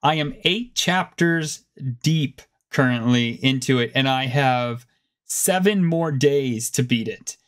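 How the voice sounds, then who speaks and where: A man co-hosting a casual gaming podcast, talking in an animated, rambling way that keeps starting over. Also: slow. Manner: animated, rambling, self-interrupting, pitch jumps up when excited. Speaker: podcast co-host. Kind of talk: casual chat.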